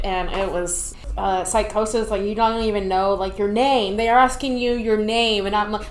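A woman from Dallas, a Navy veteran guest, telling stories in a casual interview, animated and laughing as she acts out quotes. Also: a little high, normal speed, few pauses, reverberant, low-quality recording. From Dallas, Texas.

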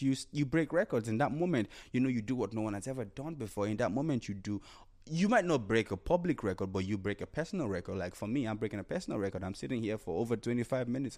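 A man's voice: mid-range voice, darkish tone. A man hosting a solo podcast, talking casually about mindset and acting out imagined inner voices with repeated phrases. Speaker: podcast host.

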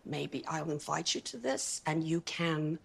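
A woman's voice: sits low, expressive, a little slow, vocal fry, husky, heavily acted. A bossy, flirty councilwoman. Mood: chatty. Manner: blunt, bossy and chatty. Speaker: actress in a comedy series.

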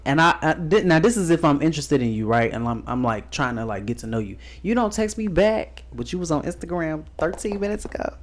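A man in his twenties with a soft voice co-hosting a podcast, chatting casually and rambling with lots of fillers. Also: a little high, animated, fast, hardly any pauses. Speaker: podcast co-host.

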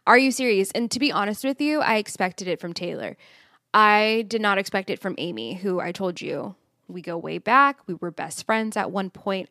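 A woman's voice: mid-range voice, no echo. Young woman podcast host, candid and blunt, curses freely, dry close sound. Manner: blunt, swears freely, animated retelling. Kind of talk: candid storytelling monologue.

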